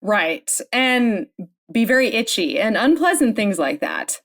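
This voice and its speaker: A woman's voice: a little high, big pitch swings, unhurried, fairly bright tone. A woman co-hosting a book club podcast, chatting casually and playfully, often laughing. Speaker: podcast co-host.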